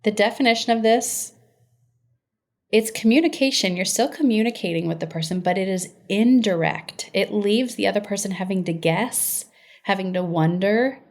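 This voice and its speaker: A woman's voice: medium pitch, moderate pace. A woman hosting a teaching podcast, talking emphatically and conversationally and addressing her listeners directly. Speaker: podcast host and inner-healing practitioner.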